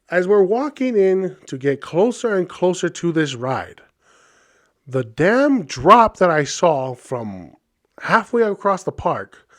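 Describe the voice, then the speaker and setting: A man from Hawaii in his thirties, a podcast host telling a casual story in a chatty, animated way with many fillers. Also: a little high.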